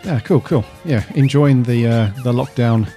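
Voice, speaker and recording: A man's voice: medium pitch, moderate pace, warm tone, soft background music. A man hosting a casual podcast, chatty and jokey with plenty of slang. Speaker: podcast host.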